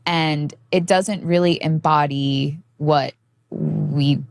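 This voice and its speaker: A woman's voice: sits low, steady tone, slow, gravelly, dry recording. A woman co-hosting a podcast, chatting casually about relationships, speaking fluently with many "like" fillers. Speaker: podcast co-host.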